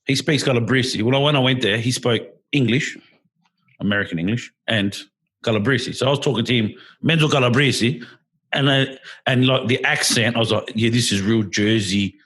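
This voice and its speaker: Australian male podcast co-host, husky, animated storyteller. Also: mid-range voice, moderate pace. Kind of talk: casual chat.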